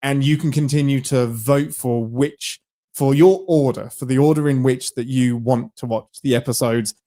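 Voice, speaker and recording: A man's voice: mid-range voice, steady tone, moderate pace, dark tone. A man co-hosting a live-streamed podcast, talking casually and animatedly, laughing often and jumping between thoughts. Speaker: podcast co-host.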